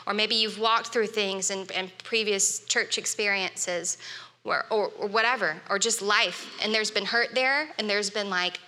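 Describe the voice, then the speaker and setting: A woman's voice: medium pitch, pushed and bright. A woman preaching a sermon in an earnest, conversational way, with casual fillers. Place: church hall. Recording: long reverb of a church hall.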